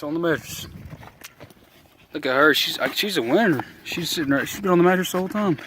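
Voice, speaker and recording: Rowdy guy calling a dog wrestling match on his phone, voice a bit high, faint noise behind. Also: fairly quick. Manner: rowdy, cussing, excited, cheering on. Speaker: video host. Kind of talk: casual play-by-play of dogs wrestling. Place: outdoors at home with dogs. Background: dogs playing.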